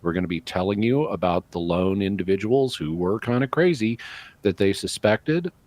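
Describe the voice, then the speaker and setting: A man on a call-in radio show, explaining things in a measured, lecturing way and careful about exact terms. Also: sits low, expressive, a little mellow, no room sound. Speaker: apologist guest answering callers.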